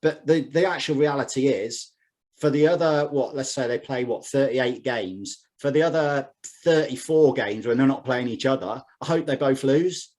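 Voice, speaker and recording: A man from Scotland hosts a relaxed podcast interview, joking as he goes. His voice sits at an ordinary middle pitch for a man, and his talk is easygoing. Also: normal speed. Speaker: podcast host. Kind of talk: casual interview.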